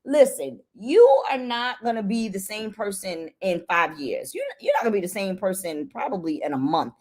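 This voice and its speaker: A woman talks to caretakers about self-care in a casual, motivational way, her pitch swinging up and down as she goes. She is chatty and emphatic and sits mid-range in pitch. She leans on rhetorical questions and repeats words to drive her points home. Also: expressive, moderate pace, darkish tone.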